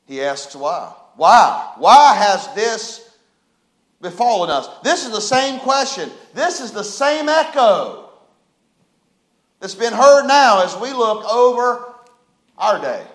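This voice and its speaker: A pastor preaches in a notably high voice. He fires off rhetorical questions, dropping to near-hushed asides before rising into loud cries. The sound rings through a reverberant church room. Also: sing-song, slow. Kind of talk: sermon. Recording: echoey room.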